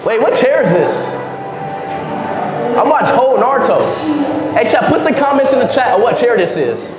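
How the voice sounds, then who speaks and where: A young American man with a sore throat, vlogging casually on city streets and talking in loud, excitable bursts. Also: very high voice, moderate pace, loud music behind the voice. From United States. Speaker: livestreamer vlogger. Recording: noisy street background.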